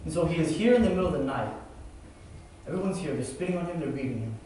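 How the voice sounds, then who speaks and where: A man's voice: on the high side, lively intonation, fast, warm tone. A young man preaching a casual sermon, talking loosely and conversationally with lots of "like" and "man". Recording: echoey hall from far off, faint noise.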